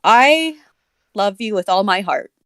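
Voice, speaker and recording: A woman in casual joking chat with friends, teasing them and quick to laugh. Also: medium pitch, animated, a bit bright, smooth, no room sound. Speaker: co-host reading a story aloud with friends.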